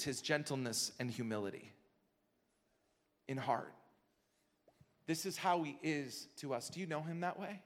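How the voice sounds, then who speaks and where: High-voiced preacher in a reverberant church. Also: male voice. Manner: swings from quiet intimate teaching to loud passionate exhortation. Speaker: pastor. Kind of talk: sermon. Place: church sanctuary. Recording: long hall reverb.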